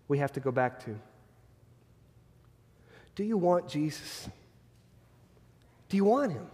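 A man's voice: high voice, darkish tone, in a large hall. A man preaching a sermon as pastor, earnest and fond of repeated rhetorical questions.

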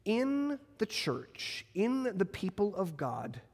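A man preaching in a church with a fairly high voice that swings up and down as he presses each point. He slows down on the words he wants to land. His voice rings out with a long reverb that hangs in the room. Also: gravelly. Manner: expressive preaching with strong pitch swings and emphatic slowing. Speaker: pastor. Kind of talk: sermon. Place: church sanctuary.

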